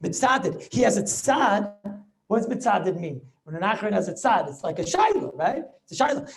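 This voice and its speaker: Rabbi guy teaching talmud on a video call, super expressive up and down voice, tosses in yiddish words, keeps asking the class questions. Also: high voice, a little fast, creaky. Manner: animated, mixes Yiddish and Hebrew terms, rhetorical questions. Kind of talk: lively Torah lesson over video call.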